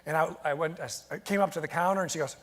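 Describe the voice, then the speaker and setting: A man giving a lively motivational keynote to a live audience, telling stories and drawing the crowd into call-and-response. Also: a little high, rapid-fire, a little hiss or hum. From United States. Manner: energetic, storytelling, engages the crowd with call-and-response. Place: large event hall with audience. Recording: long hall reverb. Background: audience responding and laughing.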